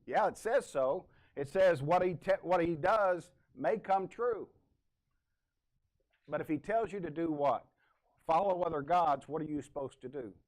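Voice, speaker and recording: A man's voice: fairly high pitch, measured pace. Conversational male pastor preaching a sermon. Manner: conversational, asks the congregation questions; loose, with fillers and asides.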